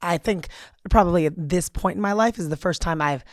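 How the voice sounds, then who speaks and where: A middle-aged woman hosting a podcast, telling stories in an animated, laughing, faith-filled way. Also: lowish voice, a little fast, dry recording, clean studio sound. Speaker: podcast host. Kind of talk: casual conversation.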